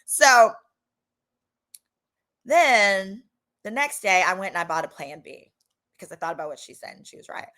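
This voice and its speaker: Bright, lively storytelling woman. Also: medium pitch, normal speed, pauses often. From Texas, United States. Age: 30s. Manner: animated, chatty, acts out the people she quotes. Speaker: lawyer and channel host. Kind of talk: casual storytime monologue.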